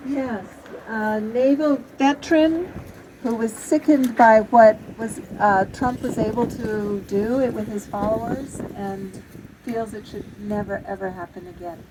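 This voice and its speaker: Woman, high voice, slow pace, facilitator, outdoor square, crowd and street noise. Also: steady tone. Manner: slow, encouraging, prompting speakers. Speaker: vigil facilitator. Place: outdoor town square vigil.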